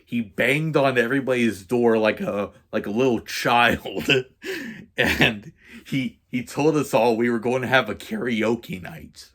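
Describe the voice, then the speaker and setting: A man's voice: mid-range voice, a little slow, a bit bright. A man vlogging as he tells a story in a rambling, profane rant, full of fillers and restarts.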